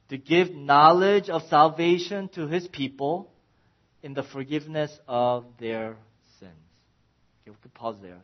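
A man in his forties preaching a sermon as a pastor, telling stories with lively swings in his voice. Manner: animated storytelling, pitch rising and falling widely. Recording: dull lo-fi sound.

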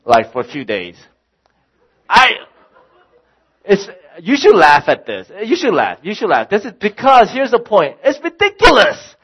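A middle-aged man, a pastor, preaching a sermon and telling a personal story in an animated way, acting out his own exasperation. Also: sits high, a little slow, husky, rough recording.

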